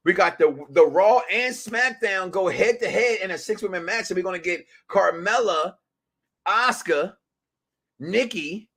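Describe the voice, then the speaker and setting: A man hosting a wrestling talk podcast, talking loosely in slang, jumping between excited shouts and muttered asides. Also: a little high, creaky. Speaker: podcast host.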